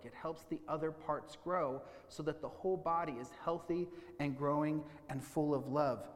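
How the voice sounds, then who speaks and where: A man preaching a sermon as a pastor, teaching with questions and slowing down to stress key points. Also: on the high side, long reverb tail. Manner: teaching, with questions and slowed emphasis.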